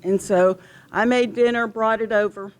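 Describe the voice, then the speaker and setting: A woman's voice: on the high side, steady tone, normal speed, clear, resonant tone. Woman telling memorial stories. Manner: rambling and heartfelt, with frequent restarts. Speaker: widow of a police officer speaking at a memorial. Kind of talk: personal storytelling speech at a remembrance gathering. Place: outdoor memorial gathering.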